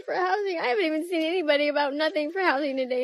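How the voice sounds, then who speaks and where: A woman's voice: high-pitched, very fast, few pauses. A sick woman living in an RV, talking upset with her voice breaking into tears and coughing. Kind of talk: street interview.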